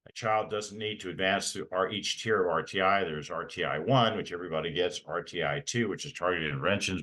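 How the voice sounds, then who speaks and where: A man's voice: low-pitched, fairly bright tone. A middle-aged man, giving a training talk for parents and repeating key points with emphasis. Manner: emphatic, repeats key points, frequent "okay?" check-ins. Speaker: parent advocate presenter. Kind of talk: training presentation.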